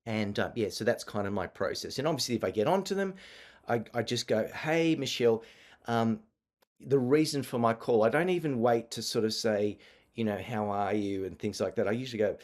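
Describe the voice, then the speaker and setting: Slightly low-voiced man teaching online. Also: animated, fairly quick, a little mellow. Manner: conversational, hesitant with frequent fillers and restarts. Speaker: marketing workshop presenter. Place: online video call session.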